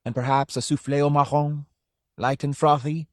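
A man voicing a smooth, snake-like tempter who relishes his words as he coaxes. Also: a little high, flat delivery, moderate pace, dry recording, studio quality, pitched above the performer's own voice, lightly acted. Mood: smooth, tempting. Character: smooth persuasive adult male tempter, snake-like.

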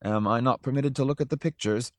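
A man's voice: medium pitch, fairly quick, dry recording, studio quality, pitched above the performer's own voice, natural voice. A man voicing a poor old man in an audiobook story, speaking in raised, heated bursts. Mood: outraged. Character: poor old man, outraged then sorrowful.

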